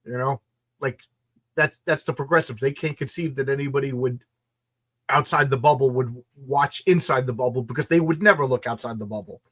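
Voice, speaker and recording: A man's voice: medium pitch, brisk, a bit bright. An American man co-hosting a casual livestream chat, enthusiastic and often repeating words as he thinks. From United States. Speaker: co-host of a comics show.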